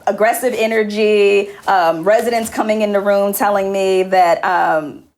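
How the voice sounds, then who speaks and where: A young adult woman, a podcast guest and new mother, telling her story in casual conversation and acting out what others said with lively jumps in her voice. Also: a little slow. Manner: animated, acts out other people's quotes with jumps in pitch.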